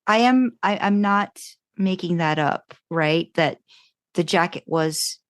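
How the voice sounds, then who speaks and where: This woman, a co-host on a fan podcast, talks slowly in a fairly low voice, rambling casually through her thoughts. She stays upbeat and often restarts. The studio sound is clean, with no echo.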